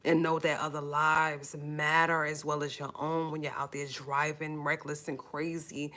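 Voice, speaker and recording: A woman's voice: sits low, level tone, measured pace, few pauses, pushed and bright. A woman hosting a casual livestream, speaking to her viewers in an earnest, emotional way, repeating phrases and holding back tears. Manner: earnest, pleading, conversational. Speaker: YouTube livestream host.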